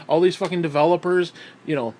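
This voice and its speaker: A man's voice: a little high, steady tone, fast talker, a little mellow. A man from New York State ranting bitterly and swearing constantly in a vlog, still out of breath as he talks. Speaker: vlogger.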